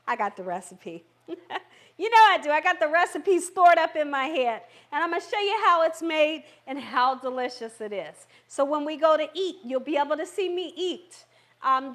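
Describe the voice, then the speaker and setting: A woman's voice: high-pitched, a bit bright. A woman hosting a live cooking stream from her home kitchen, chatty and encouraging, talking straight to her viewers. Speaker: cooking channel host.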